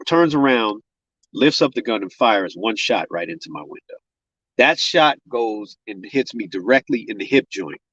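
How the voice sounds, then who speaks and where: A man recounts a harrowing personal story in a casual, vivid way, often acting out what other people said. His voice sits in a middle pitch, and the dry, close sound is a bit dull and lo-fi. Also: fairly bright tone, slightly rough, dry recording. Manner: uses casual spoken grammar. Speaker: guest, gun violence survivor.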